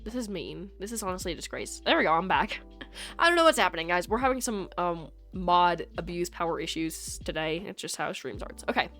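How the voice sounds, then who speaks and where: A woman's voice: fairly low pitch, big pitch swings, fairly quick, fairly bright tone, faint music behind. Chatty joking young woman streamer. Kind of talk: casual live-stream chat.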